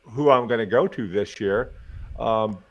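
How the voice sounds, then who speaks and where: Low-voiced man telling stories, muffled audio. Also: a little slow. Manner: lively, swears casually, talks to himself while fiddling with gear. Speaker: college professor and podcast host. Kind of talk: casual storytelling monologue. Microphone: desk microphone.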